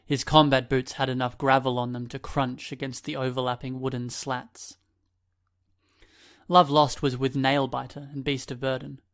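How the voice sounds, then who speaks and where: Man, audiobook narrator, measured reading, middling pitch, flat delivery. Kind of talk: scripted narration.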